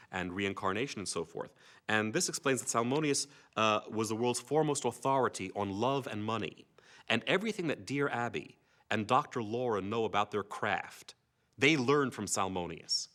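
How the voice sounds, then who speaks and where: Animated older man telling showbiz stories. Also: mid-range voice. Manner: animated storyteller who breaks into comic voices. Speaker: actor recalling his work on a TV series. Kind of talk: casual reminiscing interview.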